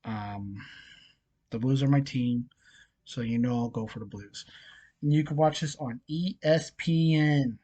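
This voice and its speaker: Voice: medium pitch, unhurried, mellow. A hockey vlogger with a frog in the throat and a nagging cough, casually running through scores, odds and picks with lots of fillers. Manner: chatty, many fillers, reads scores and odds. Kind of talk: casual sports picks rundown.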